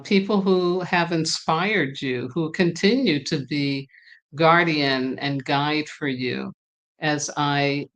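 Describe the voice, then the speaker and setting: Tired woman with a New York accent, spiritual live-stream host, slow prayerful delivery with repeated phrases. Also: deep voice. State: a little tired.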